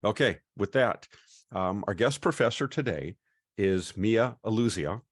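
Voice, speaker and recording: Male host, deep voice, easygoing and welcoming, online class on a video call. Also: expressive, breathy edge, no echo, clean studio sound. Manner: chatty, welcoming, often pauses with "uh".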